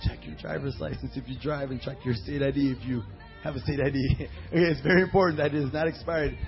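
A man preaching a sermon as pastor, reading scripture slowly and telling personal stories full of fillers and quoted voices. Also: mid-range voice, highs cut off, soft background music. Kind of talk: sermon with storytelling.

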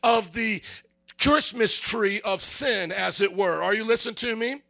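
A man's voice: sits high, unhurried, creaky, sharp tone. A man preaching a sermon, firing rhetorical questions and acting out little dialogues.

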